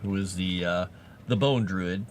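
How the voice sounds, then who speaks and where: A man chatting casually with his live-stream audience while writing fantasy lore, animated and quick to laugh. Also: deep voice, slight background noise. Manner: animated, chatty, laughs often, talks to chat.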